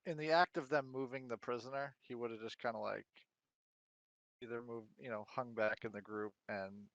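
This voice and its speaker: A man's voice: medium pitch, fairly even intonation, moderate pace, a bit bright, no room sound. A man playing a tabletop game, hesitant and thinking aloud. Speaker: player. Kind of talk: casual chat. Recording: dull lo-fi mic.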